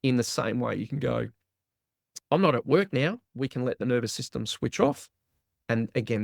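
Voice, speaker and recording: A man talks through ideas with animated energy, often slipping into quoted inner voices. His voice carries a gravelly edge, recorded dry and close with no room sound. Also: medium pitch, dry recording. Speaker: guest, trauma release exercise practitioner. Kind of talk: explanatory interview talk.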